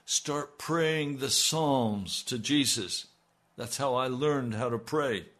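A man's voice: medium pitch, slow, a bit bright. A middle-aged male pastor giving a radio sermon and praying earnestly, pleading as he goes. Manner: earnest, pleading prayer that rises in intensity.

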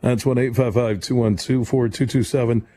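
A man hosting a late-night sports radio call-in show, talking quickly and giving strong opinions between callers. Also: mid-range voice, steady tone, dark tone, slight background noise. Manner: fast, conversational, opinionated. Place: radio studio.

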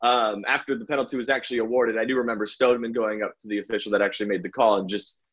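Husky man in a muffled sports chat. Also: lowish voice, fairly even intonation, fairly bright tone. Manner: chuckles often, halting with fillers. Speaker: podcast co-host, pitchside reporter.

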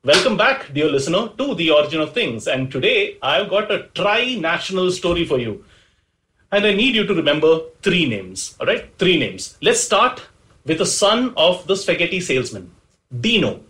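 A man's voice: on the high side, sing-song, moderate pace, pushed and bright, rough recording. A man hosting a storytelling podcast, narrating from a script with playful, chatty asides to the listener. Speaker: podcast host.

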